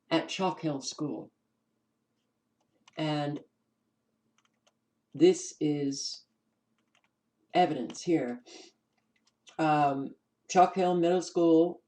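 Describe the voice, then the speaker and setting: Slow-talking New York woman. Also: low-pitched, mellow, low-quality recording. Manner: unhurried, stops to restart words, many ums. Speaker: channel host. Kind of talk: casual commentary reading from documents.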